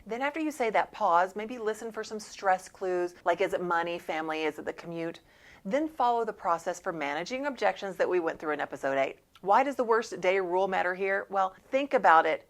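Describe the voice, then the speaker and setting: A woman coaching salespeople in a scripted training talk. Her delivery is emphatic and punchy, and her pitch sits in a middle range for a woman. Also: lively intonation, fairly quick. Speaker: sales trainer and show host.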